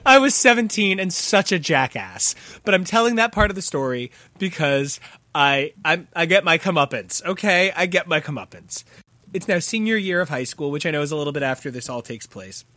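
A man co-hosting a podcast, telling a story in an animated, excitable casual chat. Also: on the high side, a little fast, no room sound. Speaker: podcast co-host.

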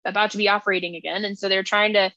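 A woman's voice: mid-range voice, flat delivery, racing, sharp tone, dry recording. A young woman co-hosting a casual book podcast, retelling scenes in a gushing, emotional way with lots of fillers. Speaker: podcast co-host.

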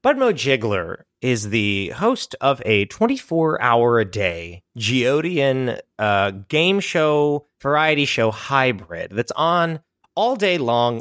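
A male podcast co-host riffs through a casual improvised chat and laughs often. His delivery swoops and stays animated. The sound is dry and close, with no room around it. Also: medium pitch, takes it slowly, no echo.

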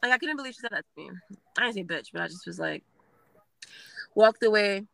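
A woman's voice: medium pitch, fairly quick, dry recording, rough recording. A young woman telling a story bluntly, with plenty of swearing. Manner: blunt, profane, animated. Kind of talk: casual storytelling.

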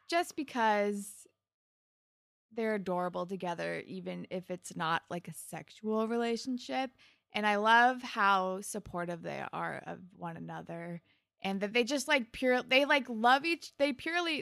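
A young woman co-hosting a casual chat, retelling a TV episode with lots of "like" and quick quoted lines. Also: mid-range voice, vocal fry, fairly bright tone, no room sound, studio quality. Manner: chatty retelling full of "like", quick put-on quotes. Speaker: podcast co-host.

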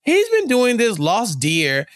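A man co-hosting a podcast, recapping a TV episode in casual chat, animated and sassy, scolding the characters directly. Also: very high-pitched, slow, no room sound, clean studio sound. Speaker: podcast co-host.

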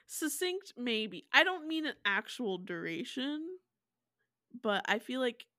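A woman's voice: high voice, expressive, slow, a bit bright, no room sound, clean studio sound. A young woman co-hosting a podcast, chatting casually, laughing often and swearing as she tells a story. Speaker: podcast co-host. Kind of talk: casual chat.

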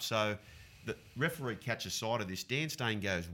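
A middle-aged Australian man, a former rugby league player, telling animated sporting stories in casual podcast chat. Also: lowish voice, moderate pace, a little hiss or hum. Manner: animated yarn-spinner, acts out blows.

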